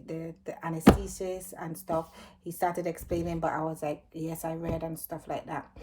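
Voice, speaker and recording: A woman's voice: on the low side, slight background noise. A young woman, possibly, casually telling a personal story and acting out what she and others said. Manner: animated retelling, acting out her own cries and others' lines. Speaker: vlogger.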